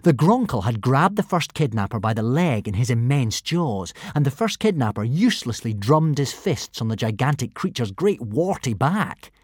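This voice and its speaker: A man narrating a children's adventure audiobook in an expressive, animated reading. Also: medium pitch, normal speed, hardly any pauses, breathy edge, no room sound, studio quality. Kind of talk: storybook narration.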